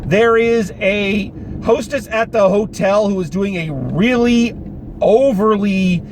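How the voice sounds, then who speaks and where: A man giving a casual, animated review of a film, talking with exasperation and some swearing, recorded in a car. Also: sits high, takes it slowly. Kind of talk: casual spoken movie review. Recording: noisy car interior.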